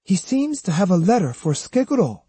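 A gentle, caring young woman from an audiobook, her voice lifted noticeably higher than ordinary talk, as a man reads her part. She sounds soft and earnest, with a husky, dark grain and dry, close sound. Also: very animated, a little fast, no room sound, exaggerated voice. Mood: mild. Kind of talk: audiobook character voice.

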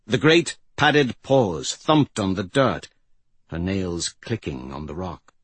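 Male narrator, audiobook, slow measured reading, husky, dry recording. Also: very animated, a bit bright, dry recording. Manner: slow, measured, low storytelling.

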